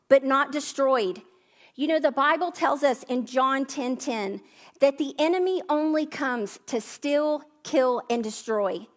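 High-voiced woman preaching a sermon. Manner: conversational, storytelling with asides. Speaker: pastor.

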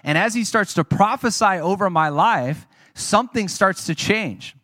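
Male preacher, conversational sermon storyteller; slightly higher voice, dry close mic. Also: animated, a little slow, pushed and bright, dry recording. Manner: conversational, earnest storytelling with asides to the audience. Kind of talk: sermon with personal testimony.

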